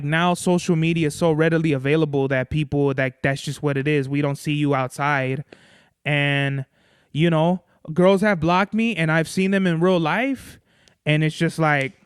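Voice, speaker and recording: Profane young man, clear dry voice. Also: fairly high pitch, no echo. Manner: loose, profane, rambling, says bro. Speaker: podcast host. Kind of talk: casual chat.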